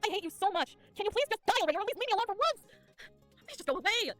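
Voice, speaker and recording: A woman's voice: very high-pitched, big pitch swings, racing, over loud music. A woman giving casual let's-play commentary, ranting in exasperation and laughing often.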